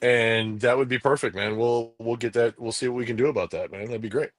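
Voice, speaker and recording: A man's voice: medium pitch, steady tone, a little fast, no room sound. A man co-hosting a live-streamed podcast in casual chat, upbeat, reading viewer messages aloud and thanking them. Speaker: podcast co-host.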